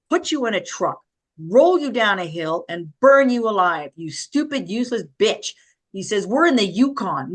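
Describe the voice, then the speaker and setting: A middle-aged woman appearing as an interview guest tells her life story with emotion, her medium-pitched voice a bit bright. She retells events vividly, quoting other people's voices and breaking into nervous laughter.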